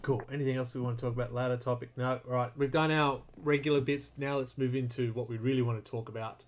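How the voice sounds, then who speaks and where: A man hosting a casual hobby podcast, chatty and loud, laughing often. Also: mid-range voice, steady tone, quick pace, a little hiss or hum. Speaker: podcast host. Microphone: desk mic while streaming.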